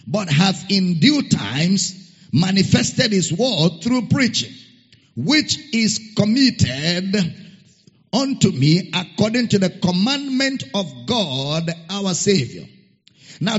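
Male pastor, high husky voice, slow emphatic scripture reading, reverberant hall. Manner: spells out a Greek word letter by letter. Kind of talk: sermon. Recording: muffled sound with long hall reverb.

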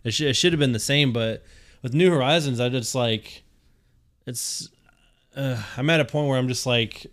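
A young man co-hosting a podcast, talking in a relaxed, hesitant way with casual swearing. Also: medium pitch, normal speed. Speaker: podcast co-host. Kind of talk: casual chat.

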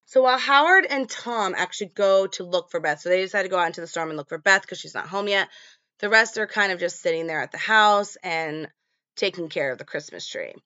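A woman's voice: fairly low pitch, fairly quick, pushed and bright, no room sound, highs cut off. A woman hosting a podcast, recapping a film in a casual, chatty way with lots of fillers. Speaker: podcast host.

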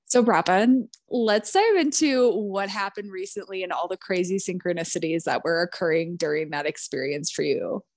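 A woman's voice: fairly low pitch, normal speed, hardly any pauses, darkish tone, dry recording, studio quality. A woman hosting a podcast, upbeat and casual, talking to her listeners and her guest with frequent "like" and easy laughs. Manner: upbeat, says "like" often, laughs easily. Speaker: podcast host.

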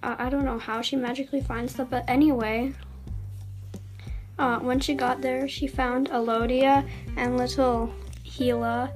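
A woman reads her own fan story aloud on her channel with a fairly high voice. Her reading is casual and unpolished, with slips and self-corrections along the way. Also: little pitch movement, unhurried, a little mellow, soft background music.

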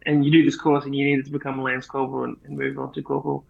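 A man's voice: medium pitch, level tone, very fast, gravelly. Laid-back Australian man on a dull mic. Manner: laid-back, profane, rambling. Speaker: podcast co-host. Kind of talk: casual chat.

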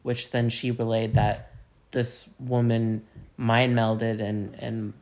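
A woman with an unusually deep, low voice co-hosts a relaxed podcast conversation. She jumps in bluntly and often finishes her co-host's sentences, keeping the talk loose and casual. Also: takes it slowly. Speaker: podcast co-host. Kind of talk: casual chat.

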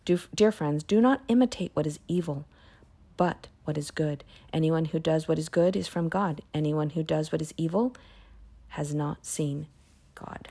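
A woman with a low, mellow voice reads scripture aloud in a relaxed, chatty way. Between passages she muses aloud and slips into quiet whispered asides. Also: moderate pace, husky. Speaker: Bible reading podcaster. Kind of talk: casual Bible reading and commentary.

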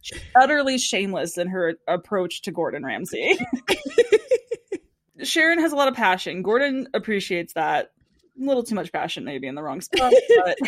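A young woman chats through a TV episode recap with a lively, bouncing pitch. She talks casually and acts out the people she quotes. Her voice sounds close and dry, with no room around it. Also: dry recording. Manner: chatty, animated retelling with quoted impressions and frequent laughter. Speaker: podcast co-host.

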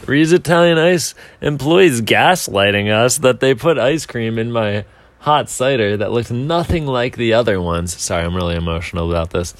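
A man's voice: mid-range voice, expressive, moderate pace, no room sound. A young man telling a casual, self-mocking story, rambling along with filler words and restarts. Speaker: speaker telling a timed anecdote.

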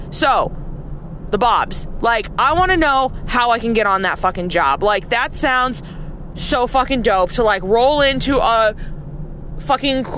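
A woman with a fairly high voice rants bluntly and sarcastically, swearing freely. She speaks in a casual monologue. A faint vehicle hum sits under her voice. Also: fairly bright tone. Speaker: nurse. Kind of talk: casual rant to camera.

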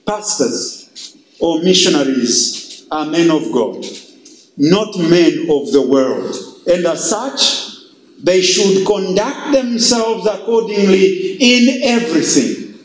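A male pastor preaching a sermon, slow and emphatic, with dramatic pauses. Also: high-pitched, expressive, echoey room, rough recording.

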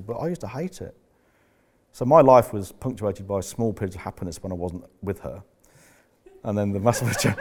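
Blunt business coach, very low voice, swears freely, rambling. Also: male voice, darkish tone. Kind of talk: candid coaching talk to members.

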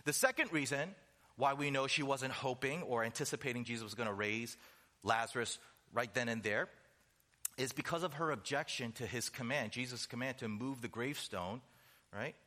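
Male preacher, bright and forceful, emphatic sermon delivery with chatty asides. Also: medium pitch. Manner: emphatic, rhetorical questions, slows down for stress; conversational asides.

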